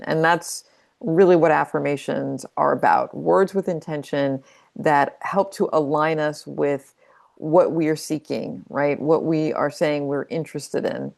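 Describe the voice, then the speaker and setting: A woman's voice: low-pitched, vocal fry, a little mellow. A woman who is a creativity coach, talking through her advice in a reflective, conversational way and playing with emphasis. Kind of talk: casual teaching monologue.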